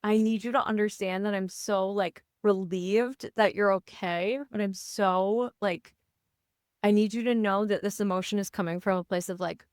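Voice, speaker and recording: A woman's voice: mid-range voice, dry recording, clean studio sound. A woman in her thirties, a podcast co-host, telling a personal story in a casual chat and acting out the dialogue as she goes. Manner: animated, acts out dialogue in her retelling.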